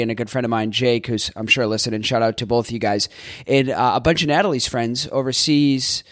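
A man talks straight into a close mic in a rambling, joking podcast monologue, tossing in casual swears and restarting his sentences. His voice sits at an ordinary middle pitch, and the recording is dry with no room sound around it. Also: no echo. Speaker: podcast host and life coach.

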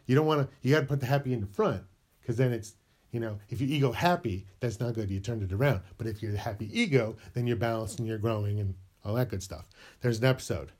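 A man's voice: medium pitch, a little mellow. Playful rambling man rhyming self-help. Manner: playful, rambling, sing-song rhymes. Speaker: podcast host.

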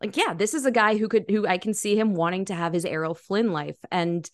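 Woman podcast host, animated and enthusiastic, dry close-miked sound. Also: mid-range voice, brisk, no room sound. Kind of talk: casual film discussion.

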